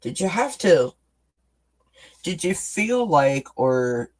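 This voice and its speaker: A man's voice: fairly high pitch, very animated, slow, poor audio. A man doing a live-streamed tarot reading, talking to viewers as friends in a rambling, chatty way with many restarts. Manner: talks directly to viewers as friends. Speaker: tarot reader.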